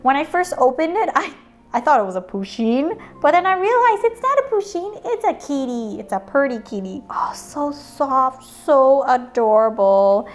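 A woman's voice: high-pitched, very animated, moderate pace. A woman hosting a playful toy unboxing, cracking puns and making little sound effects and animal noises as she goes.

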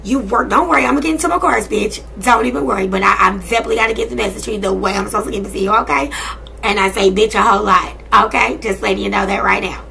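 A woman's voice: mid-range voice, rapid-fire, gravelly, sharp tone, slight background noise. A woman in her thirties giving a casual tarot and spiritual reading to her viewers, talking bluntly and sassily with plenty of profanity. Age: 30s. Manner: blunt, profane, sassy and emphatic. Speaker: tarot and energy reader.

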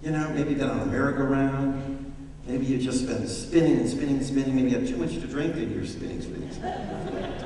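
A man preaching a sermon as pastor, animated, swinging from hushed to loud. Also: medium pitch, a little fast. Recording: echoey church hall, distant mic.

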